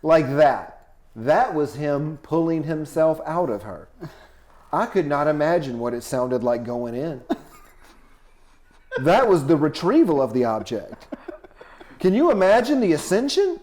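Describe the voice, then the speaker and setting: Male stand-up comic, guest storyteller; slightly high voice, animated and profane, big swings from mutter to outburst. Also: unhurried, pauses often. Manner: animated, profane, swings between low asides and loud outbursts. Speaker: touring comedian guest. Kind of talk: comedic storytelling on a podcast.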